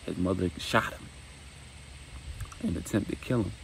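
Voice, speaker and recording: A man's voice: sits low, moderate pace, vocal fry, slight background noise, poor audio. A man casually retelling a dramatic story, acting out dialogue and making sound effects.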